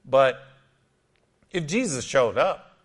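A male pastor preaching a lively, conversational sermon, often acting out little scenes and quotes. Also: mid-range voice, slow pace, slightly rough.

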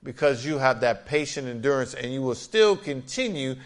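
A man's voice: medium pitch, expressive, normal speed. A man pastor preaching an emphatic sermon with frequent amens and scripture readings.

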